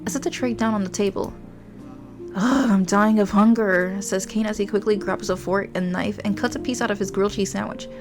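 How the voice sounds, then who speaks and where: A young woman reads a romance game aloud in a middle-pitched voice, breaking off to giggle and ramble. Bright game music plays steadily behind her. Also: fairly even intonation, quick pace, few pauses. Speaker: streamer. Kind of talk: reading a story game aloud with asides.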